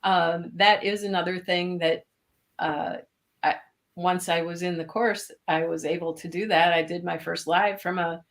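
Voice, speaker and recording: A woman's voice: lowish voice, fairly even intonation, measured pace. A woman with a Minnesota accent, a guest in a casual live-stream interview, chatty and laughing often. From Minnesota, USA. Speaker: interview guest, course alumna.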